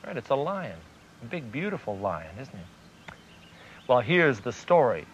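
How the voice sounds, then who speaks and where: A man hosting a children's TV show, telling a story to children in a gentle, animated storyteller's way. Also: mid-range voice, measured pace, a little hiss or hum. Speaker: children's TV host. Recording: dull lo-fi 1990s TV recording.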